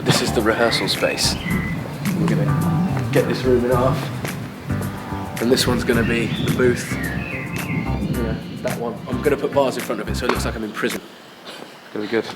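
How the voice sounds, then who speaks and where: Give me an upbeat English male singer hosting a travel vlog, over loud background music. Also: medium pitch, moderate pace, long pauses. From England. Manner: upbeat, chatty, loose storytelling. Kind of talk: casual vlog and documentary narration. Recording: loud music bed behind the voice.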